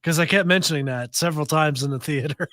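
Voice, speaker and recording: A man's voice: on the high side, fast, bright, forceful tone, no echo. A man co-hosting a casual chat, dropping joking asides. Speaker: co-host.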